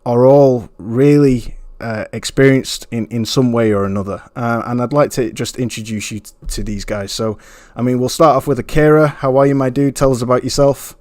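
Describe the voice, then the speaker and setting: A man's voice: medium pitch, steady tone, moderate pace, darkish tone, dry recording. Casting: male podcast host, easygoing and chummy, dry close-mic sound. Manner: laid-back, friendly, calls people bro. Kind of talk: casual podcast chat.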